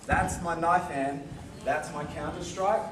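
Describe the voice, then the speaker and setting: A man's voice: fairly high pitch, steady tone, measured pace, noisy background. A man teaching a karate seminar, demonstrating moves and checking in with the group. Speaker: karate instructor. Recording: echoey hall, recorded from far off.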